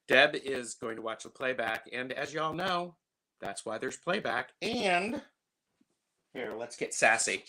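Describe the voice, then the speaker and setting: A man's voice: mid-range voice, pushed and bright. A man in his fifties hosting a casual livestream, chatting and greeting viewers by name. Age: 50s. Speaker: livestream host.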